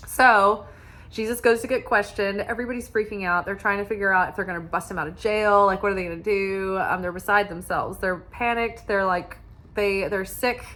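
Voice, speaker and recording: A woman's voice: mid-range voice, steady tone, normal speed, pushed and bright. A young woman talking casually as a tarot reader, rambling with many fillers and restarts. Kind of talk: casual spiritual chat.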